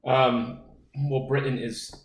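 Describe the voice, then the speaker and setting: A man's voice: medium pitch, level tone, takes it slowly, recorded from a distance. A man co-hosting a casual podcast, rambling and ranting, swearing constantly. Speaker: podcast co-host. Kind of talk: casual profane podcast banter. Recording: echoey room, voice off-mic, faint noise.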